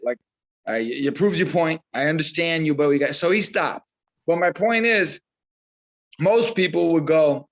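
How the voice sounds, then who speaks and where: Man, boxing trainer, slightly high voice, chatty storyteller who repeats himself. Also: normal speed, muffled recording. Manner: animated storyteller, repeats himself, acts out quotes. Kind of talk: casual interview talk.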